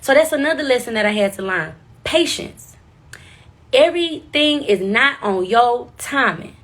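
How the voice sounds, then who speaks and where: A woman in her twenties from Houston, telling a story in an animated, profane, slangy way. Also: a little high, unhurried. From Houston, Texas. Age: 20s. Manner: lively, profane, playful slang. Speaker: vlogger.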